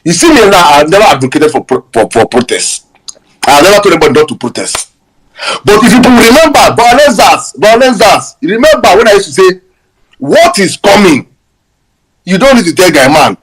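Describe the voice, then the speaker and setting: This is a young Nigerian man with a Nigerian accent who hosts a live audio space and launches into animated political rants and personal stories. He slips into Pidgin and laughs as he goes. His voice sits high and swings widely in pitch, and he often stammers and starts his sentences over. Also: a little fast, background noise. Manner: mixes Pidgin into English, laughs through his stories, many stammers and restarts. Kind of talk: animated political rant with storytelling.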